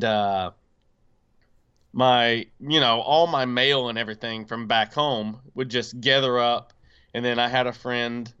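A man casually telling a personal story on a podcast, animated, with many fillers and acted-out quotes. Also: mid-range voice, smooth, highs cut off. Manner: animated, acts out quoted voices, frequent fillers.

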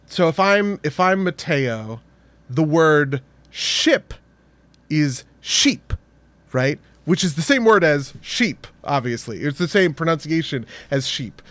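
A man's voice: fairly high pitch, animated, slow, fairly bright tone, dry recording. A man co-hosting a podcast in casual chat, rambling with lots of fillers and a habit of tagging "right?". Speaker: podcast co-host.

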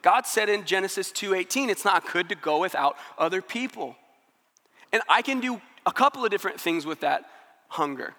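A man's voice: high voice, expressive, normal speed, sharp tone, big-room sound. A man preaching a sermon in an earnest, conversational way, acting out the inner thoughts of his listeners.

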